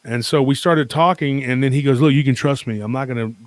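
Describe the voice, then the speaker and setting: A man tells his story in a steady middle-pitched voice. He rambles with animation, piles up fillers and starts over mid-sentence. The sound is dry and close, with little room around him. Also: a little fast, no echo. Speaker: guest. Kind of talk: casual storytelling on a podcast.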